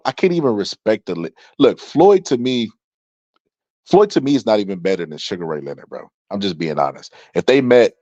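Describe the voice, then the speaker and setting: A man with a very low voice talks through boxing takes in a relaxed, tired way, peppering everything with "bro." The sound is dry and a little muffled, like a basic home mic. It feels like a late-night chat with his viewers. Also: dry recording. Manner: laid-back, says "bro" often, laughs at comments. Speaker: boxing commentator reading viewer comments. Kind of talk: casual livestream commentary.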